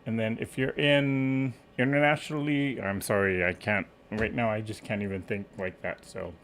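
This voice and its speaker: A man's voice: lowish voice, steady tone, normal speed, background noise. A man hosting a quilting live stream from home, chatting casually, greeting viewers by name and sometimes losing his train of thought. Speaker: quilting livestream host.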